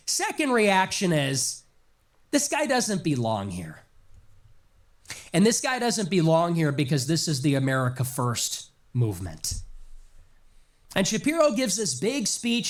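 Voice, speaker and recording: A high-voiced man delivers a sarcastic commentary monologue with a wide, swooping pitch. He mocks and stresses his points in long emphatic lists. A nagging cough keeps breaking through. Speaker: political commentator.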